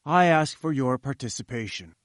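A man's voice: mid-range voice, animated, normal speed, no echo, studio quality, lightly acted. A man voicing a pompous, patronizing older professor in an audiobook, lecturing with lofty condescension. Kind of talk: audiobook character reading.

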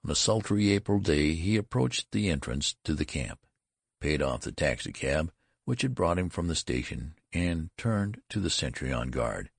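Very deep gravelly male narrator. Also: very animated, moderate pace, dry recording, studio quality. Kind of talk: audiobook narration.

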